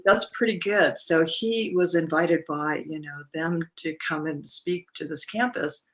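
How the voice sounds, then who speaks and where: As a podcast guest, a middle-aged woman recounts a personal story haltingly, with many fillers and restarts. Her voice sits low and sounds a bit bright.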